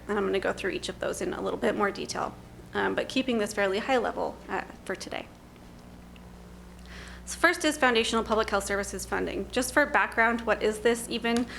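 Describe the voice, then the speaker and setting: A woman's voice: medium pitch, creaky, a bit bright, slight background noise. A woman presenting a report at a public board meeting, nasal and congested from a cold, walking through points steadily with frequent ums. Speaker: policy staff presenter.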